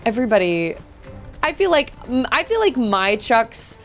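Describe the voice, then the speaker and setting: A woman's voice: fairly high pitch, big pitch swings, takes it slowly, soft background music. A woman gaming streamer chatting casually and reacting aloud as she plays. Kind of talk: casual live-stream chat while playing.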